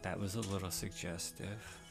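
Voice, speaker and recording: A man's voice: low-pitched, flat delivery, moderate pace, creaky, music in the background. A man hosting a podcast, reviewing a TV episode in rambling, casual, profane chat. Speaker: podcast host.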